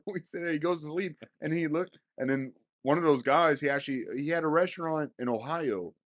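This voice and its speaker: A man's voice: fairly high pitch, a little fast, a bit bright, no room sound, clean studio sound. A young man telling a rowdy, profane story in casual podcast chat, often laughing. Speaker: storyteller guest.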